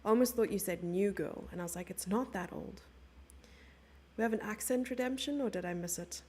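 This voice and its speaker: Talking at a fairly quick clip, she has a mellow, medium-pitched voice with slight background noise behind it. She's a young woman covering chess live, bantering playfully and responding to chat messages she reads aloud.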